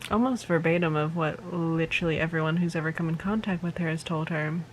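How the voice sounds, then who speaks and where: A young woman vlogging her reactions to a novel in casual, animated, exasperated commentary. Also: sits low, a little fast, a little hiss or hum, poor audio. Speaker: book vlogger.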